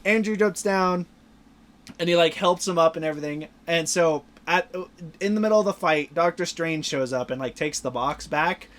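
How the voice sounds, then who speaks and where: A young man hosting a podcast, excitedly retelling movie scenes in casual chat, swearing and acting out lines. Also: on the high side, moderate pace. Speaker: podcast host.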